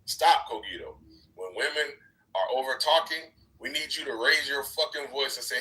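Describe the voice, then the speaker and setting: A man in a heated live debate in an online voice chat room, scolding and repeating himself, going from low muttering to loud outbursts. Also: normal speed, distant mic, poor audio.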